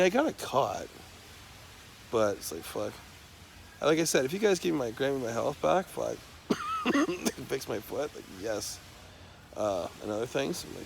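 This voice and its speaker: A man's voice: fairly low pitch, vocal fry, background noise. A man talking off the cuff in a rambling, profanity-laced stream of talk. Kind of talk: unscripted monologue to camera.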